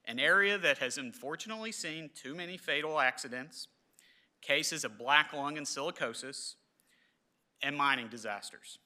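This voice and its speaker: A man, giving a halting, emotional memorial ceremony speech in a large hall. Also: fairly high pitch, bright, forceful tone. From southern West Virginia. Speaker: government official speaker.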